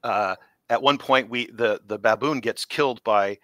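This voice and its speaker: A middle-aged man, a special effects veteran, telling lively anecdotes in a casual interview and laughing often. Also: medium pitch, normal speed, no echo. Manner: animated anecdotes, laughs often, acts out quotes. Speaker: special effects artist guest.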